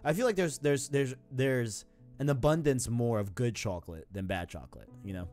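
A man's voice: medium pitch, normal speed, a little mellow, faint music behind. A man in his twenties with a faint New York accent, hosting a podcast in casual, rambling chat full of slang. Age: 20s. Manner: laid-back, slangy, rambling. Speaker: podcast host.

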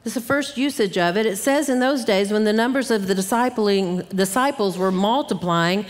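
A conference speaker, a middle-aged woman with a medium-pitched voice and moderate pace, gives an earnest Bible teaching talk. Grumbling asides are acted out along the way, and the recording has the long reverb of a church hall.

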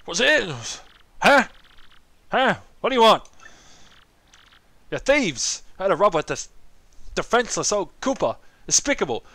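A very old, cranky turtle mayor, as a man plays him, high and creaky in pitch, grumbling and confused. He snaps at visitors in a raised, crotchety game voice. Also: very animated, unhurried, long pauses, bright, forceful tone, no room sound, exaggerated voice.

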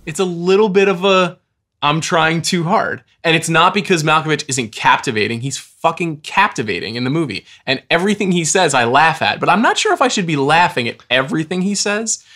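A man co-hosting a casual film podcast. His pitch moves a lot, and he talks thoughtfully, hedging and qualifying as he works through his views. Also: lively intonation, brisk, few pauses, pushed and bright. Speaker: podcast co-host. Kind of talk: casual movie podcast chat.

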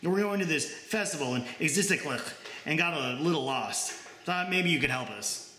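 A man's voice: on the high side, animated, moderate pace, bright, forceful tone, echoey room. A man reading aloud, voicing a polite, worldly space alien who talks in a casual, chatty and mildly condescending way.

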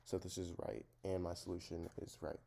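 A man's voice: deep voice, completely flat delivery, brisk, creaky, heavy background noise. A man teaching a math lesson, talking through each step in a plain, methodical way. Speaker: math tutor.

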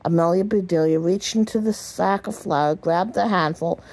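Low-voiced woman reading a picture book. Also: moderate pace. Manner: gentle read-aloud with small slips and restarts. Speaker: storybook reader.

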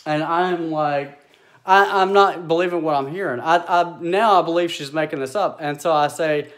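A man telling a story in a casual, exasperated, animated way, acting out bits of dialogue. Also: a little high, normal speed. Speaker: vlogger.

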